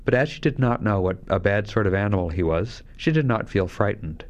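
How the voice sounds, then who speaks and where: Low-voiced man reading a fairy tale. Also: animated, fairly quick, highs cut off. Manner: shifts voice lightly for each character. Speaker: narrator.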